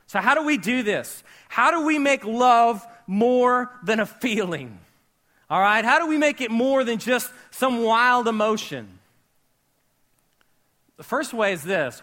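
A pastor with a high voice preaches to a live church crowd, keeping it conversational and full of jokes. He quizzes the congregation and rises to shouts on key words.

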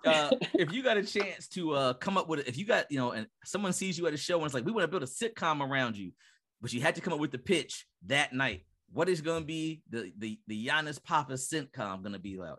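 Bright-voiced podcast host asking questions. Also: male voice, on the high side, expressive, brisk, hardly any pauses. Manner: wordy, rambling question setups. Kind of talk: casual podcast interview.

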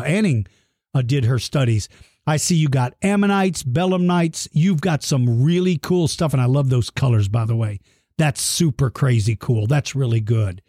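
A middle-aged man hosting a dinosaur podcast for kids, animated and playful, giving shout-outs and teasing listeners in a mock gruff way. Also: on the high side, dry recording, clean studio sound. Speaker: podcast host.

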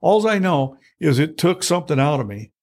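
A man's voice: on the high side, very animated, normal speed, a little mellow. A middle-aged man telling his own story in conversation, blunt and plainspoken, full of fillers and restarts. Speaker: guest.

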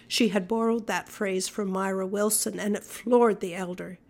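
A woman's voice: medium pitch, fairly even intonation, normal speed, few pauses. Woman narrating an old-fashioned story. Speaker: audiobook narrator. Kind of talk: scripted narration.

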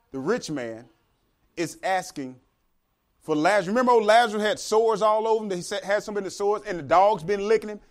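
A man preaching a sermon as pastor, talking to the congregation and acting out the voices of the characters in the story. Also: high voice.

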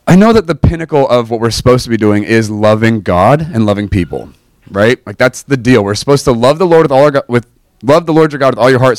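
In a mid-range voice with no echo, a young man casually tells listeners a personal story about faith. He's animated and self-deprecating, often tossing in "right?" to check in.

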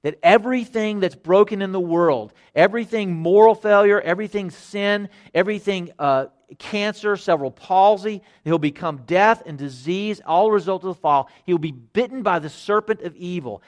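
A middle-aged man preaching a sermon, earnest, repeating phrases and moving between loud emphasis and hushed quiet. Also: high-pitched, normal speed, few pauses. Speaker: pastor.

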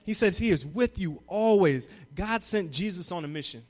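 High-voiced young preacher in a reverberant hall. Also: male voice, moderate pace. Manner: builds from calm teaching to loud call-and-response. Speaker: youth pastor. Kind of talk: sermon.

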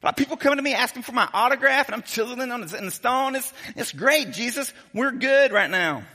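A man's voice: extremely high pitch, lively intonation, fairly quick, sharp tone, in a large hall, voice pushed up, heavily acted. A man voicing eager, fawning male disciples who beg for favors, in a gushing, wheedling way.

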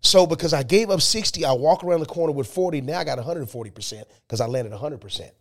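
A man telling his life story as a podcast guest, animated and emphatic. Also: on the high side, quick pace. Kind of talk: storytelling interview.

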